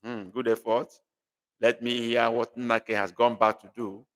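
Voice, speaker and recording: A man's voice: mid-range voice, flat delivery, unhurried, in a large hall. A man, teaching a live online language lesson, patient and repeating points for emphasis. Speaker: language tutor.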